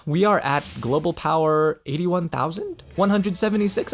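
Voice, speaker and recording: A man's voice: a little high, animated, normal speed, creaky, hardly any pauses. A young man commenting while he plays a fighting game, rambling, stammering on restarts and correcting himself. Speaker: gaming channel host. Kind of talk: let's play commentary. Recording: game music in the background.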